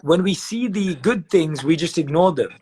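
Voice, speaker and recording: A man on a live video call giving measured advice, walking through examples step by step and repeating phrases for emphasis. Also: a little high, lively intonation, a little mellow, a little hiss or hum. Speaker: guest speaker on meditation. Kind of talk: calm explanatory advice on a live video chat.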